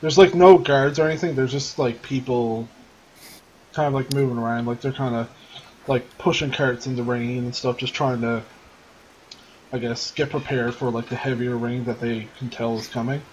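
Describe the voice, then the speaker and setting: A man's voice: mid-range voice, fairly even intonation, moderate pace, a little mellow, muffled recording, slight background noise. A man running a tabletop game as game master, narrating loosely with lots of "like" and "kinda". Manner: loose, filler-heavy narration.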